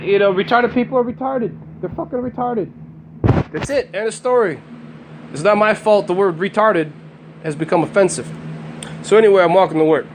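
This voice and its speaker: A man in his thirties with a slightly high voice, ranting on his own podcast. He swears at nearly every turn and trips over his words, restarting sentences as he goes. A faint hum sits behind him. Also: poor audio. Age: 30s. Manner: blunt, swears constantly, stumbles and restarts. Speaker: podcast host. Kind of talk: profane solo rant.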